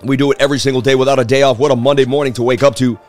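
Hyped, boastful livestream trading host. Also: male voice, mid-range voice, little pitch movement, rapid-fire, faint music behind. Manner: hyped, boastful, talks straight to viewers. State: slightly losing his voice. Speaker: crypto market analysis livestream host. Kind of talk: casual livestream chart analysis.

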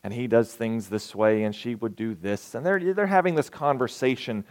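A man's voice: medium pitch, normal speed. A male pastor preaching a sermon in a conversational, storytelling way, asking his listeners questions.

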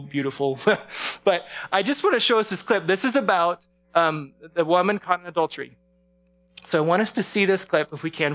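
A man's voice: fairly high pitch, fairly bright tone. Chatty man teaching a Bible study. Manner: casual, chatty, laughs often, halting restarts. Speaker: pastor leading a Bible study. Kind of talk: sermon.

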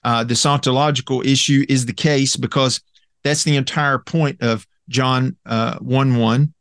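A man teaching through a Bible passage in an earnest, emphatic way, often pausing with "uh" and checking in with "okay?". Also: mid-range voice, steady tone, a bit bright, no room sound, clean studio sound.

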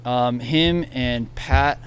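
Male guest, mid-pitch, casual storyteller who quotes others and laughs a lot. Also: extremely slow, fairly bright tone, slight background noise. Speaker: podcast guest.

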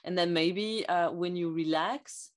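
A woman with a slightly low voice talks in a casual podcast conversation. She hesitates often and searches for her words, leaning on fillers as she goes. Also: measured pace.

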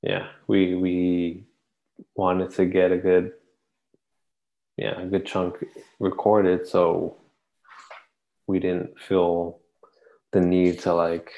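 A man's voice: low-pitched, monotone, drawn-out words, long pauses, warm tone, highs cut off. A man co-hosting a faith podcast, chatting casually and rambling with frequent restarts and hesitations. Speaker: podcast co-host. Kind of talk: casual chat.

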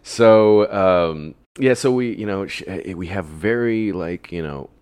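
Deep-voiced man telling a rambling story. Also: unhurried, darkish tone, clear, resonant tone, no echo. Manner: rambling storyteller, swears freely, laughs often. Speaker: podcast guest telling a story. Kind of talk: casual chat.

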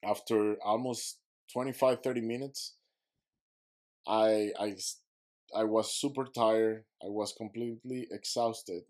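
A man's voice: lowish voice, fairly even intonation, unhurried, a little mellow. A man who is a podcast guest, telling a vivid story and acting out his own quotes, in slightly broken English.

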